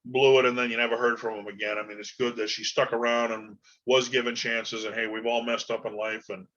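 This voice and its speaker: A man's voice: mid-range voice, little pitch movement, fairly quick, a bit bright, dull audio. A man hosting a podcast on his own, talking in a rambling, folksy way with lots of fillers. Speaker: podcast host. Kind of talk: casual solo podcast monologue.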